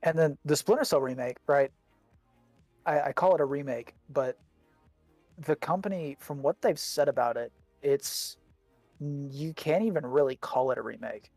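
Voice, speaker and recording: A man in casual podcast chat, circling his points and repeating words as he goes, with the hiccups. His pitch sits mid-range and the recording is dry, with faint music underneath. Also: a little mellow, no room sound. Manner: rambling, repeats words while thinking. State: has the hiccups. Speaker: podcast co-host.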